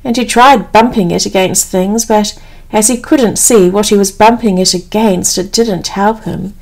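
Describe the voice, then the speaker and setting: A woman from England, slowly and expressively reading a bedtime story in a soothing way. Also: mid-range voice, darkish tone, rough recording.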